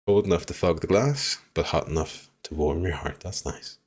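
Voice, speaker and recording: A man streaming a game live, chatting with viewers, swearing freely and reacting loudly to what happens on screen. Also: low voice, lively intonation, normal speed. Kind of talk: live gameplay commentary.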